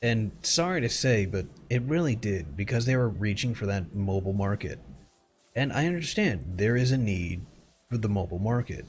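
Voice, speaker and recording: A man's voice: on the low side, lively intonation, moderate pace, a little hiss or hum. Rambling, foul-mouthed man streamer. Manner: rambling, blunt, swears casually. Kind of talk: casual live-stream chat while gaming.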